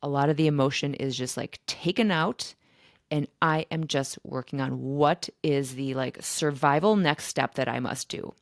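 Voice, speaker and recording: A woman podcast host telling a personal story in a chatty, animated way. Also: low voice, moderate pace, no room sound, studio quality. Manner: chatty and animated, with fillers and laughs. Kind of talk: casual storytelling monologue.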